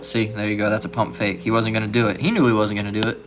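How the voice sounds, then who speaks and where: A man giving casual, rambling commentary as a channel host, filling every pause with "all right" and "you know" and mocking others in a raised voice. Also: lowish voice, little pitch movement, noisy background. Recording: music playing behind the voice.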